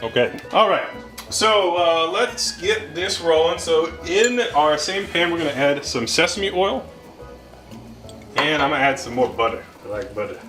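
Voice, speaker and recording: A man hosting a casual cooking vlog in his home kitchen, with goofy, deadpan wordplay. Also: on the high side. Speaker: cooking show host. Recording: music playing underneath.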